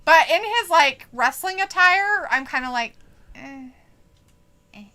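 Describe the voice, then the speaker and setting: A woman's voice: high-pitched, slow pace. A woman co-hosting a live stream, chatting casually and laughing as she watches wrestling and reads out viewer comments. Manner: giggly, animated, quotes chat viewers.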